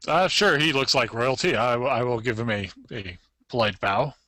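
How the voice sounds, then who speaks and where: A man playing a tabletop game, chatting quickly and jokingly. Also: medium pitch, pushed and bright, no echo. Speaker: player. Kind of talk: casual tabletop game chat.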